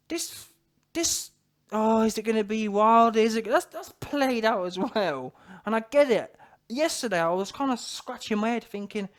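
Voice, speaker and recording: A man, ranting casually to camera about boxing, slangy and animated, often laughing. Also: high voice. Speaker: boxing commentator.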